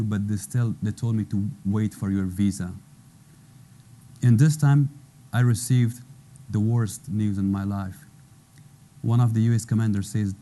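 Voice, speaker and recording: A man's voice: fairly low pitch, warm tone. A man in his thirties from Afghanistan with an Afghan accent, speaking broken English as he gives earnest personal testimony on a panel. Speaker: former interpreter, panel guest.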